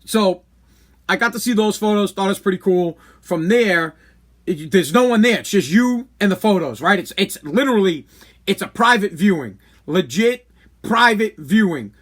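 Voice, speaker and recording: A man's voice: high voice, animated, normal speed, a bit bright. A man, telling a long personal story on his podcast, candid and rambling, with many restarts. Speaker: podcast host. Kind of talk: casual storytelling monologue.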